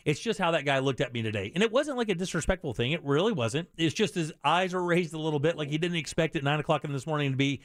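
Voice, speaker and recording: A man hosting a call-in radio show, his voice sitting a little high for a man. He talks in an animated, self-deprecating way, tripping over quick restarts. The studio mic sounds close and dry. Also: no echo. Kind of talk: casual call-in radio chat.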